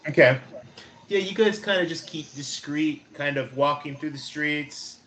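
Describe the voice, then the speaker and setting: Bright-voiced game master man. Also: a little high, reverberant, slight background noise, low-quality recording. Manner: descriptive, halting with many fillers. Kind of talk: narrating a tabletop game.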